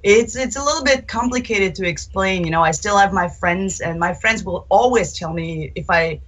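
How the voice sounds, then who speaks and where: A woman's voice: mid-range voice, normal speed, poor audio. Chatty woman guitarist in an interview. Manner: chatty, animated storytelling with acted-out quotes. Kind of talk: casual interview answers.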